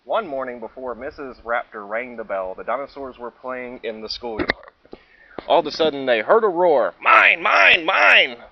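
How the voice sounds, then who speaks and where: A man reads a children's picture book aloud with plenty of expression and a few small stumbles. His voice sits at a middle pitch. The recording sounds dull and lo-fi. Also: moderate pace. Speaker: student reader.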